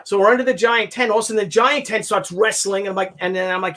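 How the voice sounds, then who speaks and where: A man with a high voice hosts a casual chat show. He tells stories in a slangy, excitable way and acts out every person he mentions. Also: fast talker, hardly any pauses. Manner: animated, acts out the people in his stories. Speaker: show host.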